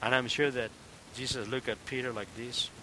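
A man preaching a sermon, telling a story with energy and acting out the people in it, swinging from loud declarations to hushed near-whispers. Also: medium pitch, normal speed, slight background noise. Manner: animated storytelling, acts out quoted voices. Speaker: pastor.

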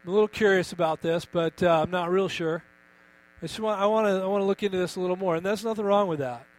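A man delivers a sermon with emphatic force, pitched a little high for a male voice. He keeps turning questions back on his congregation. A steady mains hum runs beneath the recording. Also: quick pace, low-quality recording. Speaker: pastor.

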